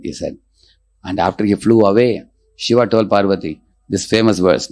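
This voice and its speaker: A man gives a spiritual lecture in a fairly low voice. He explains scripture with everyday examples and recites verses in Sanskrit. He keeps checking in with his listeners through short "huh?" and "hmm" tags. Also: normal speed, a little mellow. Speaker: spiritual teacher.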